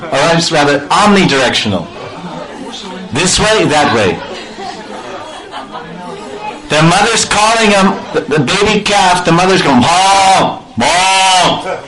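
A man giving a devotional storytelling sermon, playful and animated, acting out sounds and laughing often. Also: on the high side, rough recording. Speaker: spiritual storyteller.

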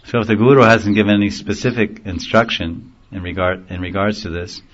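A man teaching a devotional sermon in a gentle storytelling manner, chuckling now and then at his own jokes. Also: fairly low pitch, steady tone, fairly quick, slight background noise. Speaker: spiritual teacher. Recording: dull lo-fi recording.

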